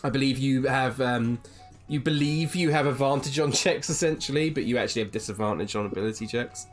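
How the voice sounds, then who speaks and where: A man's voice: medium pitch, brisk, faint music behind. A man running a tabletop game as game master, narrating casually with lots of ums. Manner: casual, rambling with many ums.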